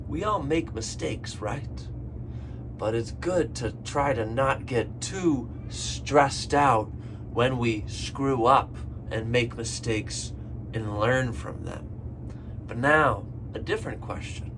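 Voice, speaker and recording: A man teaching English phrasal verbs, repeating each example slowly and clearly for learners. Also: mid-range voice, lively intonation, noisy background. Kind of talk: slow, deliberate lesson delivery.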